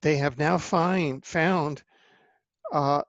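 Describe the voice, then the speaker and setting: Man, slow, fairly high voice, dull dry lo-fi sound, interview host. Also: dry recording. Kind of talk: casual interview talk.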